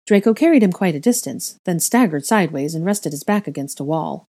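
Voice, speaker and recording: Woman reading a stern old male wizard, clipped, low and mellow. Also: expressive, a little fast, dry recording, clean studio sound.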